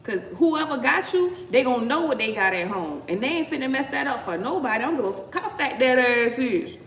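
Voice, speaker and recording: A woman's voice: high voice, expressive, fairly quick, a bit bright, slight background noise. A woman giving a casual live tarot reading, talking bluntly with some swearing and tagging her points with "okay?". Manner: blunt, profane, punctuates with "okay?". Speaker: tarot reader. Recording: roomy echo, voice distant from mic.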